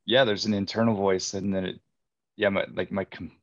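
A man's voice: low-pitched, little pitch movement, brisk. A man in a casual group discussion, thoughtful and chuckling between points, on dull lo-fi audio. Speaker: seminar participant.

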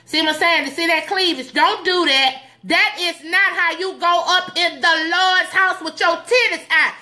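A woman's voice: very high voice, fairly even intonation, moderate pace, sharp tone. A woman giving playful, sassy, preachy advice in a comedic skit, recorded indoors at home. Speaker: comedic church advice host.

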